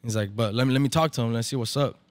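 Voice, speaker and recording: A man's voice: medium pitch, racing, dry recording. Slangy, profane man telling a story. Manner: slangy, profane, mixes in Spanish. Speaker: barber event organizer, podcast guest. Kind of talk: casual storytelling chat. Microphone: podcast microphone.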